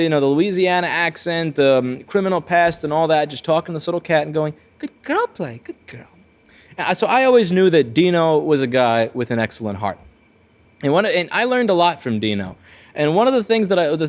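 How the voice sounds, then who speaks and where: A man hosting his own video, telling a rambling, blunt story with frequent restarts. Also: on the high side. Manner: rambling, self-correcting, blunt. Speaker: repair-shop video host. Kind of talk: casual storytelling monologue.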